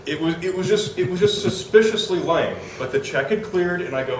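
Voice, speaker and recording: An animated man tells a comic story to a live audience, voicing the people in it. His mid-range voice rings through a roomy hall, picked up from a little way off the mic with a faint hiss behind it. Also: high voice, fairly quick, few pauses, recorded from a distance. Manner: animated, acts out quotes, laughs while telling. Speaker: storyteller on stage.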